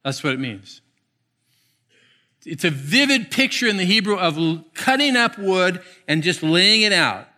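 Bright-voiced expressive male preacher. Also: high voice, unhurried. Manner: expressive, swings from hushed to emphatic. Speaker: pastor. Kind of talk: sermon.

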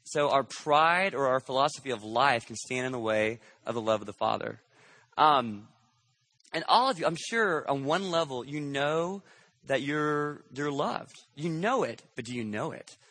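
A man's voice: mid-range voice, animated, unhurried, sharp tone, dry recording. A man preaching a conversational sermon as pastor, often checking in with the congregation through rhetorical questions.

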